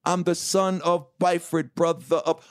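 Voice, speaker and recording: A man's voice: on the high side, unhurried, clean tone. A middle-aged man, telling his life story candidly in an interview, swearing freely and acting out what others said to him. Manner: animated, swearing, acts out quotes. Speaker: guest.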